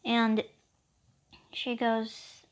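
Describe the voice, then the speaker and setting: A woman telling an improvised fan story at a slow, unhurried pace. Her voice sits a little high, and her telling is halting and meandering, with frequent pauses and fillers. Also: completely flat delivery, clear, resonant tone.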